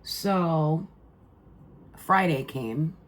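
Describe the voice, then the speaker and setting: A woman's voice: low-pitched, extremely slow. A middle-aged woman telling a family story in a casual vlog, rambling and heartfelt, with many fillers and restarts. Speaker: mother and vlogger.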